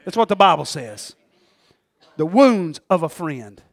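A man delivers a sermon in a high-pitched voice. The sound is dry and close. He is emphatic and folksy, rising to loud exhortation and falling back to quiet asides. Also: very animated, unhurried, gravelly, no room sound. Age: 40s. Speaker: pastor.

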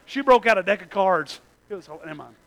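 A man, preaching a sermon in a church and telling a personal story that swings from hushed to shouting. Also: high-pitched, expressive, a little fast, low-quality recording. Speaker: pastor.

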